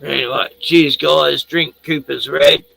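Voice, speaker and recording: A man's voice: a little high, fairly even intonation, unhurried, vocal fry, bright, forceful tone, no room sound, poor audio. An older Australian man hosting a casual livestream, rambling and swearing freely while tipsy from a few beers. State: tipsy from beer. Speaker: livestream host.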